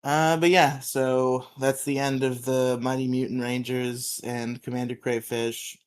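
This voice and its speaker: A man's voice: mid-range voice, flat delivery, unhurried, clear, resonant tone. A man co-hosting a podcast, recapping episodes in a loose, chatty way, laughing often and humming theme tunes. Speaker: podcast co-host.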